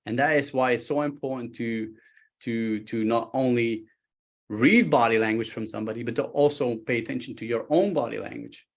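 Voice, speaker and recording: A man, a guest expert on a talk show, explaining body language with lively stories, acting out quoted speech and often restarting his sentences. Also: mid-range voice, moderate pace, gravelly. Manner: animated, acts out quoted speech, frequent restarts.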